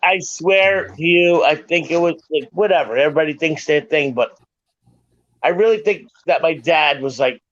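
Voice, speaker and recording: A man's voice: on the high side, normal speed, fairly bright tone, dry recording. A middle-aged man telling a story in casual chat, emphatic and profane, insisting again and again that it is true. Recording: dull lo-fi sound, dry.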